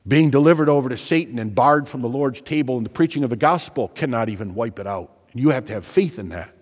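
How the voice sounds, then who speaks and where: A man preaching a sermon, stressing his points by repeating phrases and moving from loud urgency to hushed tones. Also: mid-range voice, expressive, fast, breathy edge, long reverb tail.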